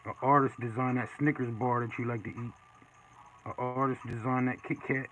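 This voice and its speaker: A man casually chatting while he draws live, reading and answering viewer comments in a relaxed way. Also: medium pitch, normal speed. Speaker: artist streaming live. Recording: dull lo-fi with faint noise.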